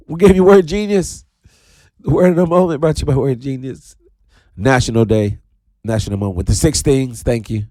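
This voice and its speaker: A man hosting his own radio talk show, talking in a playful, animated way with sudden high drawn-out calls. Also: no room sound, studio quality. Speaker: radio DJ host. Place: radio studio.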